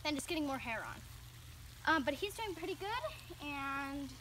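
High-voiced woman chatting slowly outdoors. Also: very animated, bright, forceful tone, a little hiss or hum. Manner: chatty, rambling asides to viewers. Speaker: pet vlogger. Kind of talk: casual vlog talk to camera. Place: outdoors washing a dog with a hose.

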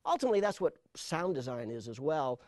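Animated middle-aged man, dry sound. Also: on the high side, brisk, no room sound. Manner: animated storyteller, repeats words when starting thoughts. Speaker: sound designer. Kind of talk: interview conversation.

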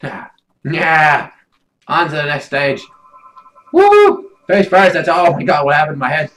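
A young man giving loud, swearing let's play commentary, swinging between shouts and mumbles. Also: fairly high pitch, very animated, measured pace, poor audio. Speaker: gaming YouTuber.

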